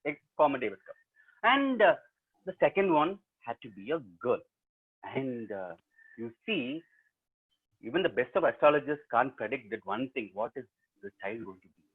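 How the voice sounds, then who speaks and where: A man's voice: mid-range voice, big pitch swings, moderate pace, long pauses, breathy edge. A man with a South Indian accent, a professional storyteller, telling a story to an online audience in a playful, teasing way and talking straight to his listeners. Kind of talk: interactive storytelling webinar. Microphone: laptop mic over a video call. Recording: tinny video-call audio.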